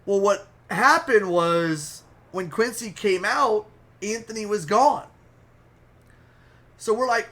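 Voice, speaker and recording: A man with a high voice tells a wild story in a casual, animated rush. He swears freely and paints vivid pictures as he talks. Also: unhurried. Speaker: storyteller, streamer.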